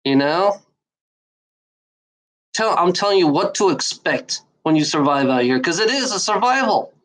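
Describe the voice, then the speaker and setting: A woman's voice: on the low side, animated, normal speed, low-quality recording. A woman in her forties talking in a casual monologue, rambling and repeating herself, swearing a lot, sounding bitter and worn out. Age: 40s. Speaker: vlogger giving life advice.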